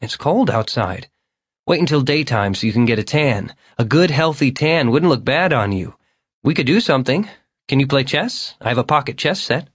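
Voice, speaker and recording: A man's voice: medium pitch, animated, moderate pace, husky, no room sound, clean studio sound, voice pushed up. A man voicing an eager, talkative young man whose lines come out raised and insistent. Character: eager chatty young man, upbeat and earnest.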